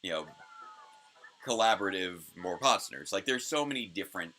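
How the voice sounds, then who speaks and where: Young male host, deep and bright-toned, casual rambling commentary full of ums and restarts. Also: animated, moderate pace. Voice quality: naturally deep voice. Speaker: reviewer and voice actor for his own show.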